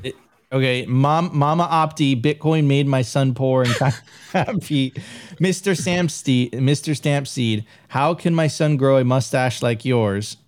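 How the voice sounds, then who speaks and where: Male live-stream host, mid-pitched, upbeat and hypey, loose with restarts. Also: unhurried. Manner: upbeat, hype-style sign-off with frequent restarts. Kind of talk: casual live-stream chat.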